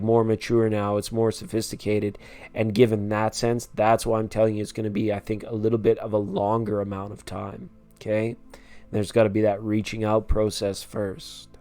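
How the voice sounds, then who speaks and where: A man's voice: lowish voice, a little mellow, clear, resonant tone. A man hosting a live tarot stream, chatting casually and reassuring viewers by name.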